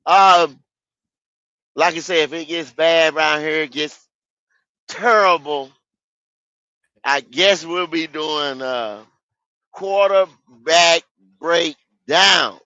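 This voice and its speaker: Bright-voiced man hosting, dry lo-fi sound. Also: on the high side, takes it slowly, pauses often, no room sound. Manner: animated, emphatic, repeats himself. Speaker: podcast host. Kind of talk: casual chat.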